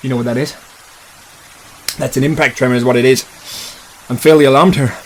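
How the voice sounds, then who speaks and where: A man's voice: mid-range voice, steady tone, a little fast, a little hiss or hum, voice pushed down, lightly acted, rough recording. A man voicing a wry, sardonic mathematician with a dry manner. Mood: alarmed. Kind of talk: comedic script reading.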